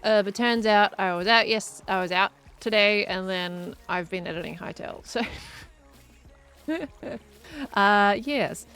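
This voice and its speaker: A woman's voice: mid-range voice, fairly bright tone. A woman streaming a building game, chatting casually and reading out chat messages as she plays. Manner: chatty, reads out chat messages and muses aloud while building. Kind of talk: casual live-stream chat while gaming.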